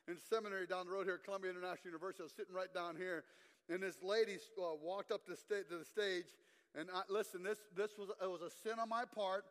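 A man, a guest preacher telling a story in an animated sermon. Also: sits high. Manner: animated storytelling preacher, asks the crowd to respond. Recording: long reverb in a hall.

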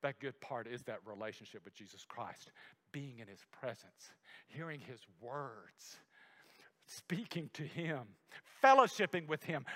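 A man preaching a sermon, swinging from loud emphasis to a hushed near-whisper and slowing down to stress key words. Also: medium pitch, big pitch swings. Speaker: pastor. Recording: long hall reverb.

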